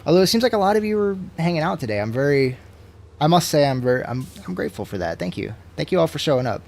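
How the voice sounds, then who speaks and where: A man in his twenties chatting casually to his stream, tipsy, swearing a lot and swinging between loud rants and low mumbles. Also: sing-song, fast, vocal fry. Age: 20s. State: tipsy from drinking.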